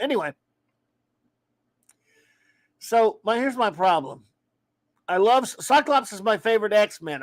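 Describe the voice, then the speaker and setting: A man from Louisiana chats live about comics in a high, easygoing voice. He rambles from one opinion to the next and greets viewers warmly. The sound is dry and close, with no room around it. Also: no room sound. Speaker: livestream comics talk host. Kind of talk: casual live-stream chat reading viewer comments.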